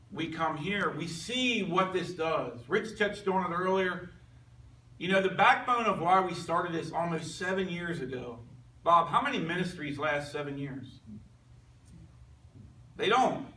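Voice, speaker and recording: A man's voice: high-pitched, sharp tone, distant mic, slight background noise. A man in his fifties giving an earnest, conversational personal testimony to a men's group, with frequent restarts. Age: 50s. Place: meeting room with a group. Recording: roomy, off-mic with faint ambience.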